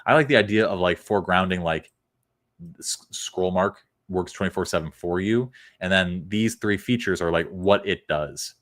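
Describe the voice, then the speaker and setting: A man's voice: low-pitched, moderate pace, fairly bright tone. A man giving a casual, blunt critique of web copy, sarcastic and sometimes profane. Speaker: copywriting critic.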